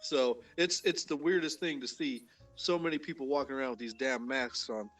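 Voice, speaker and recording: A man's voice: moderate pace, recorded from a distance, faint music behind. Married man telling a story off-mic. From Utah, USA. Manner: animated storyteller, jumps much higher for quoted lines. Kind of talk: casual storytelling.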